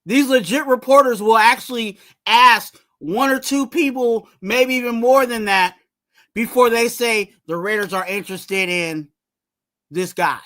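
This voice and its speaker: A man's voice: extremely high pitch, unhurried, pushed and bright. A man hosting a fan channel, giving casual sports commentary in a rambling way and urging viewers to subscribe.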